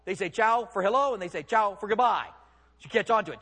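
A man's voice: high voice, quick pace, fairly bright tone, long reverb tail. A man preaching a sermon as pastor, conversational and emphatic, with rhetorical questions.

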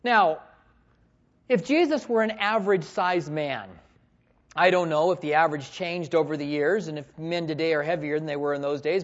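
A man preaching a sermon, telling stories with animated swings between loud bursts and hushed tones, on a dull lo-fi recording. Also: a little high. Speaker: pastor. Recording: dull lo-fi sound.

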